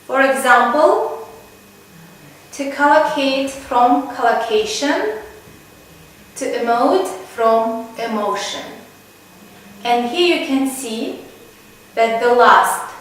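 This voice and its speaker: Brief: unhurried woman lecturer, high voice, in an echoey room far from the mic. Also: lively intonation, a bit bright, a little hiss or hum. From Kazakhstan. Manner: slow, deliberate, lists examples one by one. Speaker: university lecturer. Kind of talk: slow recorded lecture.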